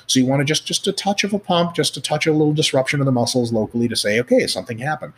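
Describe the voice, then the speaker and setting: A man, a guest expert, explaining in casual chat, animated and profane, with many fillers. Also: a little high, racing, slight background noise. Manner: profane, animated, acts out scenarios; many fillers like "like" and "you know".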